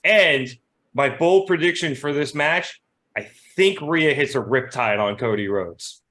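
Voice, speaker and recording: A man co-hosting a casual podcast, animated and quick to laugh, swearing casually. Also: fairly high pitch. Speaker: podcast co-host. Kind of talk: casual chat.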